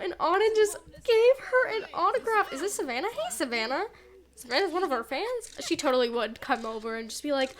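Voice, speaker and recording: A young woman chatting through a life-sim let's play, animated and gushing, full of "like" and "oh my gosh". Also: high-pitched, normal speed. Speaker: gaming YouTuber. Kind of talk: excited let's play commentary.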